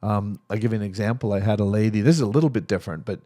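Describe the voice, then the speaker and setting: A man's voice: on the low side, very fast, warm tone, no room sound, clean studio sound. A man being interviewed as a therapist, telling stories animatedly and acting out the voices of the people in them. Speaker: guest, therapist. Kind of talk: storytelling interview talk.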